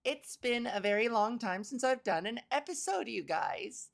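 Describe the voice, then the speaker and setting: A woman's voice: fairly high pitch, lively intonation, moderate pace, vocal fry. A young woman hosting a solo comedy podcast, playful and rambling with mock-theatrical asides. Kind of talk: casual solo comedy monologue.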